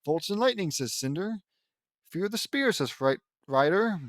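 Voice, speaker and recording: A man's voice: high voice, animated, a little slow, dry recording. A man reading a fan fiction aloud in a casual way, breaking off to joke and laugh about the text. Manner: reads quoted battle cries, then breaks off with joking asides and laughs. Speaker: audiobook reader reacting to a fan fiction. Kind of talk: casual read-aloud with commentary.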